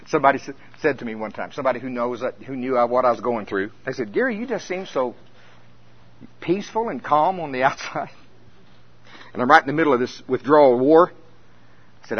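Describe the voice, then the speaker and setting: An older man preaching a sermon, telling a story with animated acted-out scenes. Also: medium pitch, breathy edge. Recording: dull lo-fi recording.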